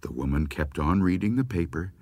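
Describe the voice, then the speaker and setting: Low-voiced man telling a spooky story. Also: no room sound. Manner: lively, expressive, unhurried reading. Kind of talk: spooky story read aloud.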